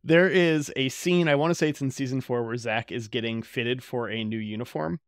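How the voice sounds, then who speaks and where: A man's voice: mid-range voice, fairly quick, clear, resonant tone, no echo, studio quality. A man co-hosting a casual podcast, recapping a show in a joking, laid-back way. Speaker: podcast co-host. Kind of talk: casual chat. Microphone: home podcast mic.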